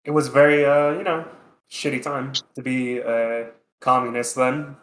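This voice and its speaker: A man's voice: medium pitch, little pitch movement, unhurried, a bit bright. Rambling man in a roomy space. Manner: rambling, full of "like" and "um", swears casually. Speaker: podcast co-host. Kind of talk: casual chat.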